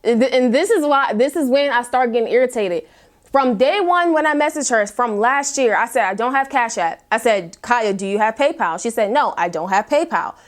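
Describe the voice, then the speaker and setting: A woman's voice: fairly high pitch, expressive, normal speed. A young woman vlogger telling a story in a casual, exasperated, emphatic way and reading her messages aloud. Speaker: YouTube vlogger.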